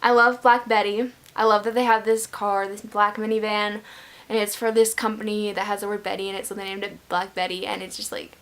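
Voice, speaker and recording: A woman's voice: medium pitch, fairly even intonation, moderate pace. A young woman giving a casual book review, gushing and scatterbrained as she talks through her feelings.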